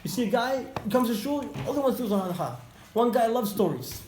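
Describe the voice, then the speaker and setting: High-voiced man teaching a lively class. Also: fast talker. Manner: animated, storytelling, repeats phrases for emphasis. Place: indoor classroom with students. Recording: echoey room, faint background noise.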